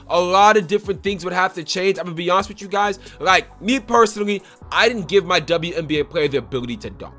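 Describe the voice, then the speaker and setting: Young male gaming creator, high-pitched and punchy, excitable play-by-play commentary. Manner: hyped, excitable trash talk with quick repeated exclamations. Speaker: gaming YouTuber. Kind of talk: gameplay commentary.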